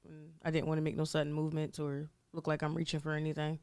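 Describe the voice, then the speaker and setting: A guest on a radio talk show, recounting a story in a calm, matter-of-fact way. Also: mid-range voice, quick pace, smooth, no echo.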